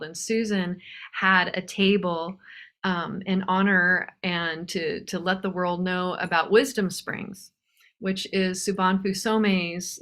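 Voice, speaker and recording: A woman hosting, introducing a guest with gushing praise, quick bursts with fillers. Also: lowish voice, fairly bright tone. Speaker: host.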